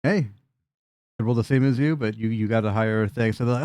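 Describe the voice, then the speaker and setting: A man's voice: medium pitch, a little mellow, dry recording. A man narrating as dungeon master, describing scenes in a loose, chatty way over a video call. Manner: loose, chatty narration with quick voiced asides.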